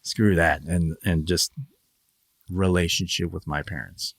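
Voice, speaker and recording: A man's voice: low-pitched, fairly even intonation, unhurried, gravelly, fairly bright tone, no echo, studio quality. A man from Northern Virginia, a podcast guest in casual conversation, rambling, laughing often and acting out quoted voices.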